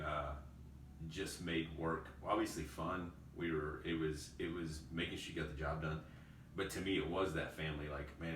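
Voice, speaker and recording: A man hosting a podcast, telling old work stories in a casual, animated way, laughing often and calling his friend dude and bro. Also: very deep voice. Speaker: podcast host. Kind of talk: casual storytelling chat. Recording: roomy echo, distant mic, faint noise.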